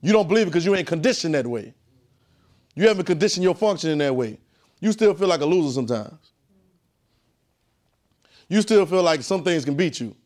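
A preacher with a somewhat high voice teaches a Bible class and draws spoken answers from the room. He hammers points through repetition and often sinks to a low, hushed voice for reverence. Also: lively intonation, fairly quick, long pauses. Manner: emphatic and repetitive, often dropping to a low, quiet voice. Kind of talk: call-and-response Bible teaching.

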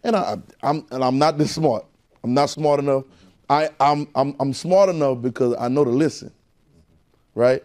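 A man's voice: mid-range voice, moderate pace, a little mellow. A man teaching a Bible class in a preaching style, repeating phrases and calling out questions to the room. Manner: call-and-response, repetitive, emphatic.

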